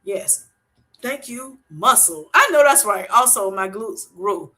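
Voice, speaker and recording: A woman hosting a casual livestream, reading viewers' comments aloud and telling animated stories with plenty of laughter and endearments like "honey" and "sweetheart". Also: mid-range voice, moderate pace. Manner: animated storytelling, laughs often; uses Southern-style endearments like honey and sweetheart. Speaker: livestream host reading chat.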